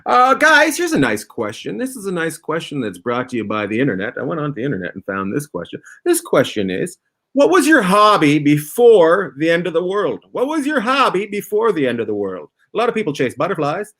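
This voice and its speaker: A man hosting a comedy panel game show over a video call, mock-grand and playful, swinging from big announcements to low asides. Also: huge pitch swings, brisk, few pauses, fairly bright tone. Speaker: podcast host running a comedy game show.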